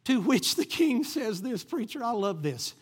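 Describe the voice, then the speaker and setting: A preacher telling a Bible story in an animated sermon, acting out the characters and calling for amens. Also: male voice, very high voice, a little slow, husky. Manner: calls for amens from the congregation.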